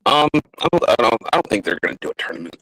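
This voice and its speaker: A man hosting a podcast in casual chat, getting animated when he describes fights. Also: medium pitch, racing, creaky, no echo, poor audio. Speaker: podcast host.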